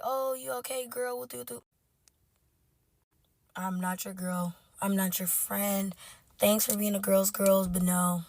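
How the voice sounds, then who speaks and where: Animated slangy woman telling a storytime. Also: medium pitch. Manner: animated, slangy, laughing asides. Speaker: storytime creator. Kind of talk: casual storytime vlog.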